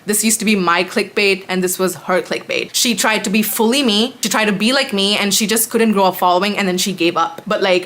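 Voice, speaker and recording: A woman YouTuber talks through a storytime in a casual, indignant way. Her voice sits in a middle pitch, and she stays animated as she reads old text messages aloud.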